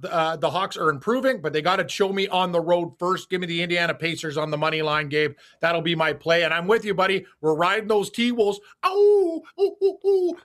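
A man's voice: high voice, a bit bright. A man co-hosting a casual sports betting show, talking his picks in a chatty way with stammered starts. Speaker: co-host.

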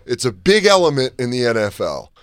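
Animated, heated man on a podcast. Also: mid-range voice, a little fast, dry recording, studio quality. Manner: profane, heated, animated storytelling. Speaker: podcast co-host. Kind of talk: casual podcast banter.

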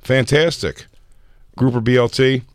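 A man's voice: mid-range voice, steady tone, a little slow, no room sound, clean studio sound. A man co-hosting a comedy podcast, trading crude, playful banter. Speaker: podcast co-host. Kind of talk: casual comedic chat.

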